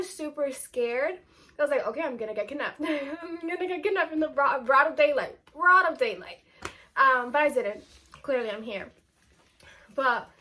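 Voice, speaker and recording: A young woman chats through a storytime vlog, her voice high and clear. She talks casually and animatedly, stacking up "like" as she goes. Her tone stays bright and forward. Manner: chatty, animated, filler-heavy with lots of "like". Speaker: vlogger.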